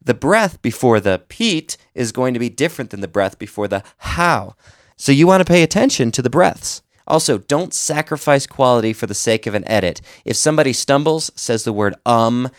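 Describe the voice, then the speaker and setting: A man's voice: mid-range voice, no echo, clean studio sound. Man explaining podcast editing tips. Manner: conversational, explains with examples. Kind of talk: casual instructional talk.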